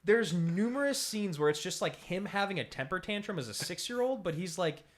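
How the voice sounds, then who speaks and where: A man co-hosting a casual movie podcast, animated and laughing often, jumping into high voices to mimic actors. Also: fairly quick. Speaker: podcast co-host. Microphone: podcast mic.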